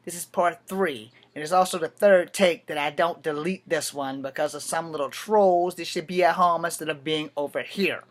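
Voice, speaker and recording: A man's voice: a little high, normal speed, few pauses. A man giving a casual, rambling comic book review at home at night, drifting into asides and restarting his sentences.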